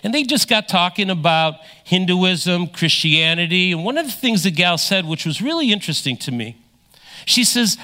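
Middle-aged male pastor, emphatic sermon delivery, high and bright. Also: expressive, moderate pace. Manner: emphatic preaching, swinging from loud to hushed.

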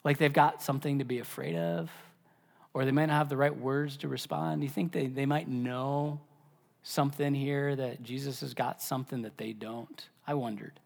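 A man preaching a sermon as pastor, animated, dropping to a whisper for emphasis. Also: mid-range voice, normal speed, vocal fry, in a large hall. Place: church.

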